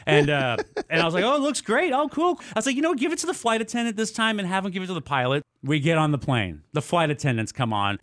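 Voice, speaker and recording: A man's voice: high-pitched, fast, hardly any pauses, no echo. A man in his thirties co-hosting a radio morning show, telling a story in casual chat and acting out quotes with a lifted voice. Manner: animated, acts out quotes with a raised voice.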